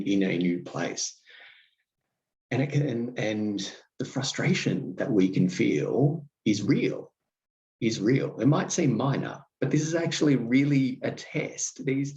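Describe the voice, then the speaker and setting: A man hosting a podcast, telling wry, self-deprecating stories in a halting way with many ums and restarts. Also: lowish voice, darkish tone, lo-fi sound. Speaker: podcast host. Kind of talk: reflective podcast monologue.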